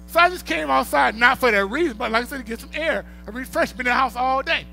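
A man preaching a sermon, emphatic and repetitive, swinging from quiet reflection to loud declarations. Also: very high-pitched, animated, a little fast, gravelly, faint music behind, rough recording.

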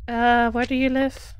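A woman's voice: high-pitched, creaky, a little hiss or hum. A woman with a German accent, chatting casually while streaming a game, laughing and greeting followers. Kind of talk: casual live gameplay commentary.

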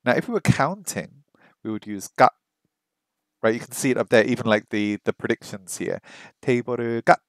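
A man's voice: mid-range voice, expressive, normal speed, dry recording. A man with a mid-range voice talks his way through practice, repeating the same short phrases again and again. He mutters half to himself and pokes fun at his own slips. The sound is close and dry, with no room around it. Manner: thinks aloud, repeats phrases over and over, self-mocking. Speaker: streamer learning a language. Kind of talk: casual think-aloud study stream. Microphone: streaming microphone that picks up his voice weakly.

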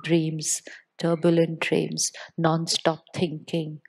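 A woman giving a spiritual talk to a live audience, speaking with deliberate pauses and putting questions to the listeners. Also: fairly low pitch, fairly even intonation, a little mellow.

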